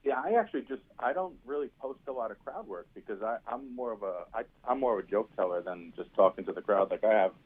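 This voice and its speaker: Fast-talking comedian man from New York. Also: fairly low pitch, animated, husky. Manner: quick, storytelling, self-deprecating. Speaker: stand-up comedian guest. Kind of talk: casual interview chat. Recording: tinny phone-like sound.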